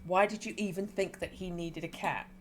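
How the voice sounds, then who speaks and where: A woman with a fairly low voice reads a game's dialogue aloud as a streamer. She moves between calm, even reading and high, excited outbursts. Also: normal speed, a little hiss or hum.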